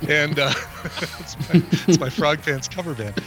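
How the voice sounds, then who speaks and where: A man's voice: fairly high pitch, moderate pace. A man hosting a casual music podcast, rambling and jokey, often stopping to restart his sentences. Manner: rambling, self-interrupting, jokey. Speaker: podcast host.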